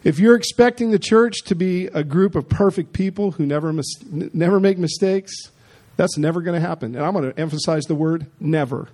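A man's voice: sits high, brisk, a little mellow. A man preaching a sermon in an emphatic, conversational way, with frequent asides to the congregation. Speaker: pastor.

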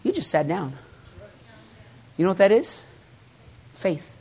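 A man's voice: high-pitched, big pitch swings, slow pace, vocal fry, husky. A man preaching a sermon to his congregation, building emphasis through repeated phrases and dropping in joking asides. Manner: emphatic preaching with rising, forceful repetitions. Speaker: pastor.

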